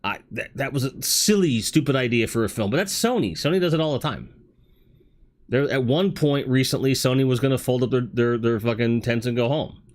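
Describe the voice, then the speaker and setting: A man's voice: mid-range voice, fairly quick. Candid rambling man hosting a livestream. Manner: candid, rambling, swears casually. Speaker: host. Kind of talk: casual livestream talk.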